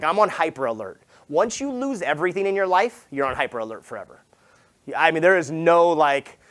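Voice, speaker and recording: A man speaks to a sales conference crowd with a somewhat high voice. He tells his stories casually and full of slang, and he acts out each conversation as he goes. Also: a bit bright. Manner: casual and slangy, swears, says dude. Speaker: real estate agent and summit speaker. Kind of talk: motivational conference talk, storytelling.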